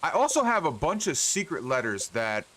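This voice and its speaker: Animated, cursing male game streamer. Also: a little high, normal speed, slight background noise. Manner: profane, exasperated grumbling to himself. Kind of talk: casual gameplay commentary.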